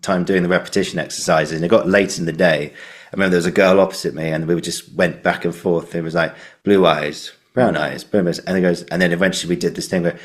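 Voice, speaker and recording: A man hosting a podcast, sharing a memory in a relaxed, rambling way. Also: low voice, fast. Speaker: podcast host. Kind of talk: casual interview chat.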